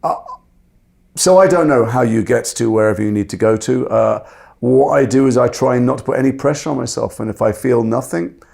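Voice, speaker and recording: A man's voice: mid-range voice, fairly quick, creaky, a little mellow. A middle-aged man, a guest actor talking reflectively and self-deprecatingly, often restarting his sentences. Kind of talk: reflective interview talk.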